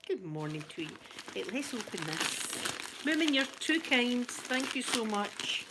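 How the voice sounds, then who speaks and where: A Scottish woman chatting through a gift unboxing at home, gushing and laughing easily, slipping between soft near-whispers and excited exclamations. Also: fairly high pitch, unhurried, noisy background. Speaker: ASMR vlogger. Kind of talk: casual unboxing chat.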